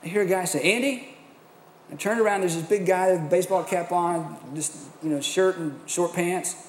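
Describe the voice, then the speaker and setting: A middle-aged man preaches with an animated, self-mocking storytelling manner. His voice sits fairly high. The sound carries a long reverb from a large hall, with a faint hum of room noise behind him. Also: normal speed. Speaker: pastor. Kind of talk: sermon storytelling.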